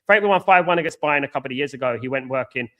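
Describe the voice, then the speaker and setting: A man's voice: mid-range voice, lively intonation, quick pace, muffled recording. An English man hosting a live football watchalong, reading out viewer comments and giving blunt, opinionated takes, often repeating himself. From England.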